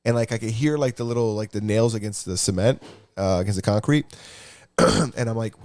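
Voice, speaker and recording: Male co-host, mid-pitched, blunt storyteller with casual swearing, dry close mic. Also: quick pace, dry recording. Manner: blunt, swears freely, animated when telling stories. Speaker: podcast co-host.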